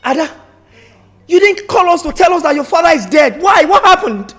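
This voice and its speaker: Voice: extremely high pitch, sing-song, normal speed, fairly bright tone, reverberant, recorded from a distance, soft background music, full character voice. A performer with a Nigerian accent playing an outraged uncle, brother of the dead man, who makes accusing demands in a film drama. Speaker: brother-in-law.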